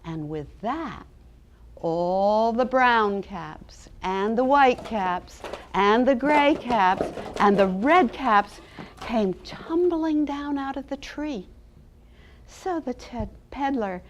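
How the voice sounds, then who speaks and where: A woman's voice: on the high side, lively intonation, takes it slowly, slight background noise. A woman educator giving a dramatic storybook reading, then talking about teaching. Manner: dramatic, with hushed and loud turns. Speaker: early childhood educator.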